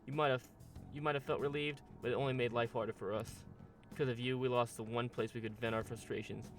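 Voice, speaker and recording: A man voicing a bitter, defensive high-school boy in a game, reading in a strained, pleading way. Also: fairly even intonation, fast talker, soft background music, lightly acted.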